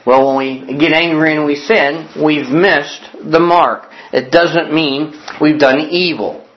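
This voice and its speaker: Man preaching with slow, repeated emphasis. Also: fairly high pitch, highs cut off. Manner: repeats key definitions slowly for emphasis; reads scripture aloud with pauses for note-taking. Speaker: pastor. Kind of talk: sermon with opening prayer.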